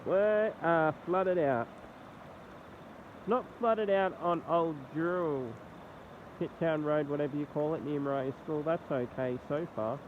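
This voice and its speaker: A man with an Australian accent and a nasal, congested voice, rambling through a casual phone vlog outdoors beside a flooded road. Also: on the high side. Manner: rambling, halting commentary. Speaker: vlogger. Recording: tinny, lo-fi phone audio with faint noise.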